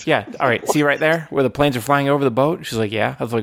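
A man in casual chat, rambling and animated as he tells stories, swearing freely. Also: medium pitch, fast, gravelly.

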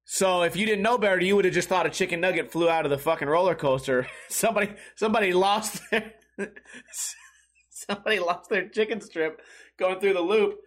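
A man's voice: sits high, a bit bright. A man hosting a comedy podcast, telling crude, profane stories in a rambling monologue, laughing at his own jokes and acting out the people in them. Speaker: podcast host.

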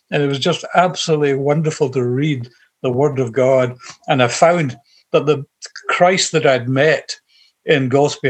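A middle-aged man with a Glaswegian Scottish accent, telling his personal faith story to an interviewer in an earnest, heartfelt, rambling way. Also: medium pitch. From Scotland. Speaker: guest sharing his faith testimony. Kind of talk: personal testimony in conversation.

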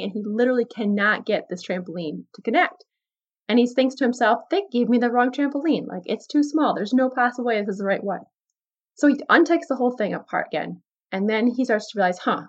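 A woman hosting a casual Christian podcast, talking earnestly to her listeners and reading a story aloud with lively emphasis. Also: on the high side, dull audio. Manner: earnest, conversational, often says "like" and "guys". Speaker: podcast host.

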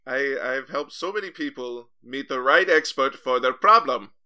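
A man doing a haughty professor whose odd put-on accent keeps slipping. He turns snippy and defensive when pressed, in a bright, forceful voice that stays smooth and clear, playing improv comedy. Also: mid-range voice, expressive, normal speed. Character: pompous male professor, an expert on experts.

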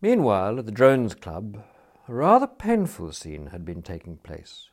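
Male audiobook narrator, low voice with a lively rise and fall. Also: a little slow, husky. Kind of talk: audiobook reading.

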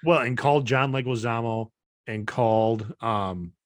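Podcast co-host, man in his 30s, mid-pitched voice, easygoing and rambling, dry close sound. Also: a little slow, no room sound. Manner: relaxed, rambling with fillers and restarts. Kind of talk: casual podcast chat.

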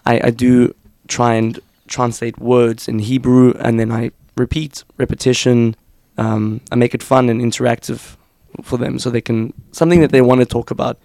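A man's voice: medium pitch, little pitch movement, moderate pace, hardly any pauses, warm tone, no echo, clean studio sound. A South African man chatting casually on a podcast, laughing often and restarting his sentences. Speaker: teaching fellow, podcast guest. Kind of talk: casual chat.

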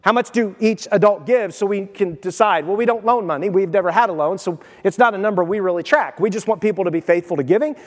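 A high-pitched man preaches to his congregation in a relaxed, conversational way, moving between scripture and everyday stories and often putting questions straight to his listeners. His voice rings out with a long reverb, as if carried through a church sanctuary. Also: quick pace, hardly any pauses. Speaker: pastor. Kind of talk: sermon.

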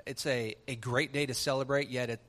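A man preaching a sermon as pastor, telling a story with animated swings from soft to loud. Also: mid-range voice, a little fast.

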